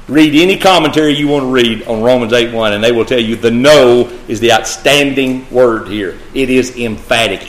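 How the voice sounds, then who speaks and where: This man preaches at a moderate pace in a medium-pitched, fairly bright voice with big pitch swings. Emphatic and repetitive, he speaks right to the congregation in a room with echoey sound.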